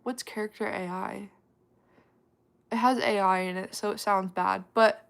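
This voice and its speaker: A woman hosting a casual livestream, chatting with her viewers, laughing often and tossing out quick asides. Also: mid-range voice, fairly even intonation, gravelly. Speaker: livestream host answering chat.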